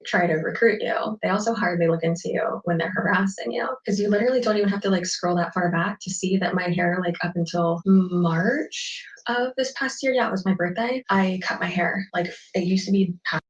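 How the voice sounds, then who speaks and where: A woman's voice: fairly low pitch, steady tone, brisk, hardly any pauses. A woman talking defensively and incredulously in a casual vlog. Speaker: youtuber. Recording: echoey room, distant lo-fi mic.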